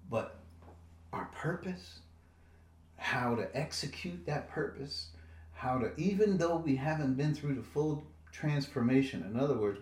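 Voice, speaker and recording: A man's voice: medium pitch, a little mellow, roomy sound. A man teaching a Bible study in a conversational way, often repeating words and checking in with "right?".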